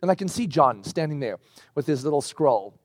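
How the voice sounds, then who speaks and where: A man preaching a sermon, animated and emphatic, slowing down to stress key words. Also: on the high side, dry recording, clean studio sound. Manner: acts out scripture quotes in character voices.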